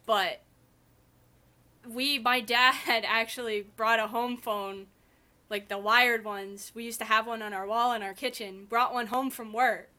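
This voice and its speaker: A woman's voice: on the high side, fairly even intonation, a little slow, sharp tone. A woman who is a guest on a podcast, chatting bluntly and casually, laughing and swearing at times. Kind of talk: casual chat.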